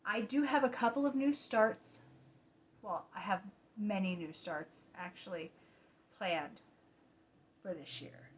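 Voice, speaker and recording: A woman talks about her cross-stitch projects in a relaxed, chatty way. She sounds tired late at night, often catching and correcting herself, and drops into soft asides now and then. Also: mid-range voice, a little hiss or hum. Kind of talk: casual chat. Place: home at night.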